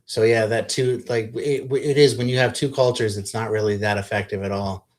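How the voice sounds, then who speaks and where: A man's voice: fairly low pitch, moderate pace. Guy cohosting a podcast, swears a lot, blunt, gets worked up. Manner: blunt, profane, animated when ranting. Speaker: podcast co-host. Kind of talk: casual chat.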